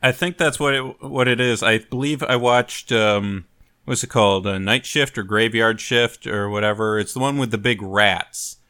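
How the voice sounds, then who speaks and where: A man's voice: on the low side, moderate pace, bright, forceful tone, clear, resonant tone. A man hosting a casual podcast chat, chatty and jokey. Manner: chatty, jokey, playful put-on voices. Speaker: podcast host.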